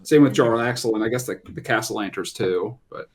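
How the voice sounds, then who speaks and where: A player in a casual group chat, talking in a relaxed, hesitant way. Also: male voice, on the low side, a little fast.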